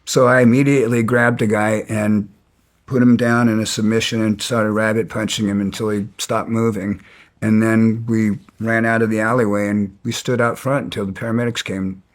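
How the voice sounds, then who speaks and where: A middle-aged man recounting his past in an interview, halting with frequent restarts. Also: on the low side, little pitch movement. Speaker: guest. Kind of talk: storytelling interview.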